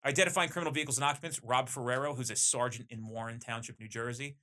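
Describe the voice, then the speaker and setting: Man, bright voice, enthusiastic, podcast chat. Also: medium pitch, racing. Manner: animated, enthusiastic storyteller. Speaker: police training company owner. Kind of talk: casual podcast conversation.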